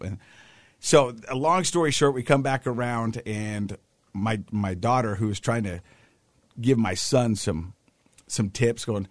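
A middle-aged man co-hosting a casual talk show, telling a story with lively quoted voices. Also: medium pitch, moderate pace, no room sound. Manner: animated storyteller, acts out quotes. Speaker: podcast co-host.

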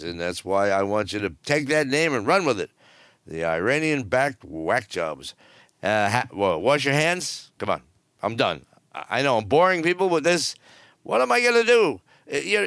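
Older guy hosting cruise news, blunt and jokey, rambles a lot, kinda high voice, dry room. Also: gravelly, fairly bright tone, no room sound. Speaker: cruise news show host. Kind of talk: casual news commentary.

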